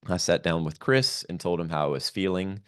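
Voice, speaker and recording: A man's voice: sits low, expressive, fairly quick, smooth. A man speaking as a podcast guest, earnestly and reflectively recounting a personal story, with frequent ums and likes.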